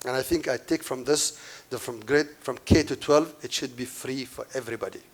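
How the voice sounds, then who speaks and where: A man's voice: medium pitch, a little fast, a little hiss or hum. A man giving a conference keynote to a live audience, emphatic and repeating his key points, with asides to the crowd. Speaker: keynote speaker.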